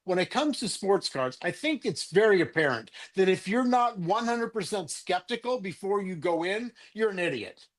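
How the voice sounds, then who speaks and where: A man's voice: sits high, lively intonation, moderate pace, hardly any pauses. An older man, a sports card collector, ranting with profanity in a rambling, angry way on a livestream video call. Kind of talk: heated livestream rant. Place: home, remote video call.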